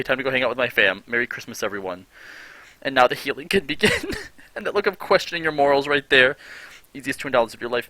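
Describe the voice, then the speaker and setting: A man's voice: mid-range voice, bright, forceful tone, dry recording. A man live streaming, reading viewer chat aloud with dry, exasperated asides.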